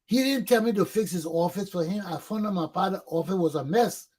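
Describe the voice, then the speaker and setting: Husky-voiced man telling stories. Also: high voice, a little fast. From Liberia. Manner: animated, acts out shouted quotes. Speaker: talk show host. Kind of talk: casual storytelling.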